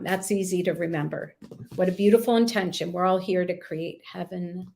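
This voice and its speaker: A woman's voice: on the low side, steady tone, normal speed, gravelly, mellow, slight background noise. A woman doing a live angel card reading, speaking to her viewers in a soothing, affirming way. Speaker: intuitive card reader.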